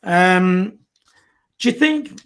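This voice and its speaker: An older man hosting a casual live fan chat, talking in a halting way with many fillers. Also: sits high, expressive, a bit bright. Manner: halting, lots of uhs and ums. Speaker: fan show host.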